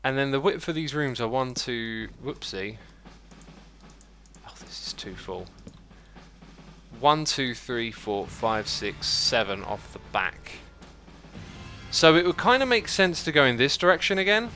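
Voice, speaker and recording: A man's voice: medium pitch, expressive, measured pace, long pauses, sharp tone, soft background music. A man hosting a livestream, chatting casually and thinking aloud while he builds, reading out viewer messages as he goes. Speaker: livestream host. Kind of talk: casual chat while playing a building game.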